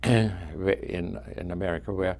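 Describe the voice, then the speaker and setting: A man in his nineties with a foreign accent whose first language is not English, telling students about his life in a halting way, with frequent restarts. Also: deep voice, gravelly, darkish tone. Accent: foreign accent, origin not named. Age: 90s. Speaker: guest speaker.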